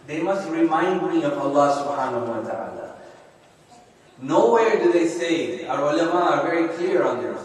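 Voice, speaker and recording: A slightly high-voiced man preaches as a sheikh in an Islamic center lecture hall, recorded from a distance with lots of echo. His sermon has a conversational feel, peppered with tag questions such as "right?" and "yeah?"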